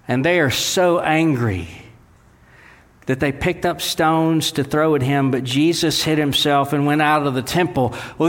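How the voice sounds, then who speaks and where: Animated preacher in a reverberant hall. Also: male voice. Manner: animated preaching, dropping low and slow for quoted words. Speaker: pastor. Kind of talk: sermon. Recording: long reverb of a large hall.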